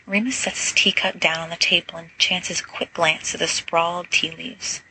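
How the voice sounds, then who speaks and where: A woman narrating a story aloud in a steady, even manner. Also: on the low side, normal speed, slight background noise, rough recording. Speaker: podfic reader.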